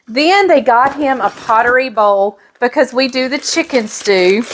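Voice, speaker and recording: A middle-aged woman, chatting casually and emotionally as she shows off gifts in a vlog. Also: a little high. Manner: gushing, emotional, chatty with fillers. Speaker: pastor's wife and vlogger. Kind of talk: casual show-and-tell chat.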